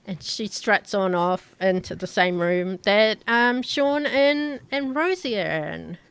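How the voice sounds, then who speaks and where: A woman narrating a tabletop game as game master, describing scenes slowly with halting fillers. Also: mid-range voice, clear, resonant tone.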